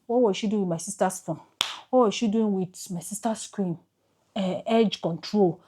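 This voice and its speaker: Speaking over some background noise in a mid-range voice, a Nigerian vlogger shares an emotional personal story on camera. She pauses haltingly and repeats herself along the way.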